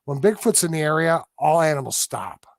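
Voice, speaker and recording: A man with a gravelly, fairly high voice tells a story as a podcast guest. He acts out the sounds himself and keeps it vivid. The sound is dry and close. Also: expressive, a little fast, no room sound.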